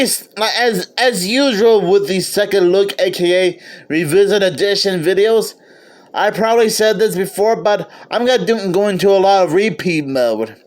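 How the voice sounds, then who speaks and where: A man giving an eager, casual video review of a film, often stopping to restart or correct himself. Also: high-pitched. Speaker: movie reviewer.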